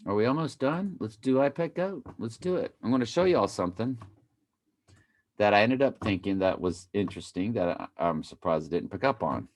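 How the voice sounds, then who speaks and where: Deep-voiced man riffing over a video. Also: lively intonation, moderate pace. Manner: playful, repeats phrases in a mock chant, sudden exclamations. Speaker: video commentator. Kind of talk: casual commentary over a video.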